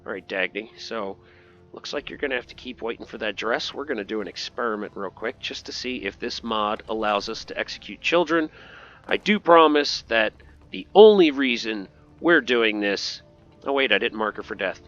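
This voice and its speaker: A man's voice: lowish voice, animated, normal speed, fairly bright tone, lo-fi sound, soft background music. A man giving casual, joking commentary over gameplay and talking back to game characters. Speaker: gaming video host.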